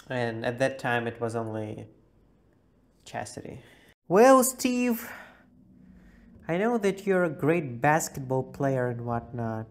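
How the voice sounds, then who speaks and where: Man in casual voice notes, unhurried cowboy drawl, tongue-in-cheek banter. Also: medium pitch, a little mellow. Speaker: group chat member. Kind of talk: casual voice messages.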